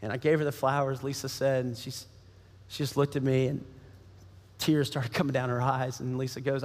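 A man's voice: medium pitch, little pitch movement, quick pace, darkish tone. A man preaching a sermon as pastor, emphatic and repeating his key phrases. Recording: long hall reverb.

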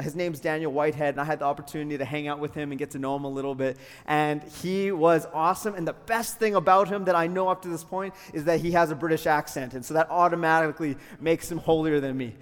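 A man's voice: on the high side, fairly even intonation, fast talker, clean tone. A young adult man from Calgary, preaching a sermon as pastor in an upbeat, friendly way with joking asides. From Calgary, Canada. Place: school hall used for church. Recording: long hall reverb.

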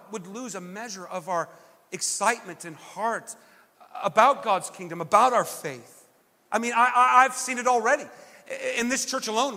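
High, bright-voiced man preaching in a hall. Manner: earnest and self-deprecating, with frequent stammered restarts. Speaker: pastor. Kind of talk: sermon.

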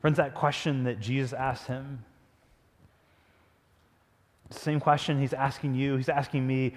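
A pastor preaching a sermon with animated storytelling, often dropping to a hush. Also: male voice, mid-range voice, unhurried, long pauses, long reverb tail.

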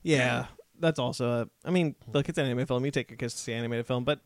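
Fast-talking man telling a rambling story. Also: mid-range voice, gravelly, dry recording, clean studio sound. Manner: rambling anecdote with many restarts, acts out quotes. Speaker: podcast co-host. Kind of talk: casual chat, storytelling.

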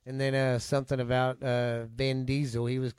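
A man's voice: mid-range voice, flat delivery, moderate pace, a little mellow, smooth, dry recording, studio quality. A middle-aged man with a Texan accent, co-hosting a casual podcast, ranting and swearing heavily. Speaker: podcast co-host. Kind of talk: casual profane chat.

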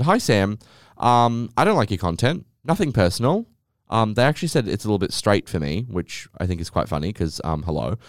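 A man's voice: on the low side, dry recording, studio quality. A man hosting a casual solo podcast, telling rambling stories in a sassy, swearing way. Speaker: podcast host.

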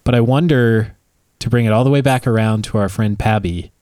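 A man hosting a podcast, asking measured, thoughtful questions of his guest. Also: fairly low pitch, darkish tone, no room sound. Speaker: podcast host. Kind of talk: interviewing a guest.

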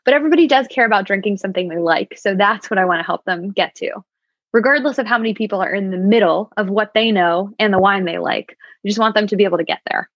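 Talking fast in a mid-range voice, a woman sommelier chats as a podcast guest in a casual interview, cheerful with wry asides. There's no room sound, and the recording is dry, dull, and slightly lo-fi.

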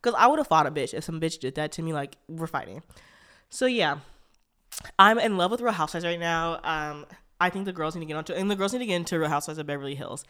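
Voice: mid-range voice, lively intonation, bright, forceful tone, smooth. Blunt, profane solo podcast host. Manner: blunt, profane, fast tangents. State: stuffy nose from allergies. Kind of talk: casual solo podcast rant.

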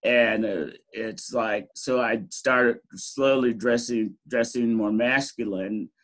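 A man's voice: mid-range voice, steady tone, slow, a bit bright, poor audio. Candid middle-aged man telling his story. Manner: candid, laughs often, frequent "you know". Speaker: interview guest. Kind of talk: reflective personal storytelling.

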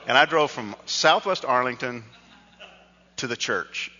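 A man's voice: mid-range voice, expressive, unhurried, bright, forceful tone. A man, a pastor telling a self-deprecating personal story in a conversational sermon. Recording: dull sound with long hall reverb.

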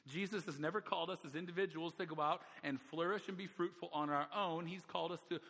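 Emphatic pastor preaching in a hall. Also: male voice, a little high, steady tone, fast talker, fairly bright tone. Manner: emphatic, repeats key phrases for stress. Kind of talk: sermon. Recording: long hall reverb.

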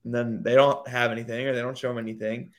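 A man's voice: mid-range voice, level tone, fast talker. A man co-hosting a podcast in casual chat, rambling with many fillers and putting on mocking voices when he quotes others. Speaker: podcast co-host.

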